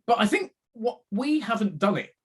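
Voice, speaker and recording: Male podcast co-host, a bit high, chatty, teasing. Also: very animated, normal speed, breathy edge. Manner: friendly, teasing, hesitant with fillers. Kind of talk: casual podcast chat.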